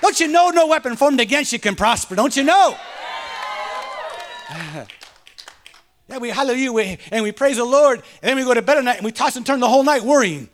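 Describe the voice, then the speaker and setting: A man's voice: very high-pitched, lively intonation, fast, few pauses, a faint crowd, slight background noise. A male pastor preaching a sermon and telling a personal story, fervent and calling out to the congregation. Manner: fervent, punctuates with call-outs to the congregation.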